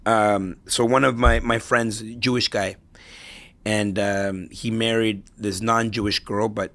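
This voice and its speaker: A man's voice: fairly low pitch, fairly even intonation, unhurried, fairly bright tone. A middle-aged man, a podcast guest, telling stories in a reflective, motivational way, restarting phrases and tagging them with "right?". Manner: storytelling, repeats himself, tags lines with "right?". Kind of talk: conversational podcast interview.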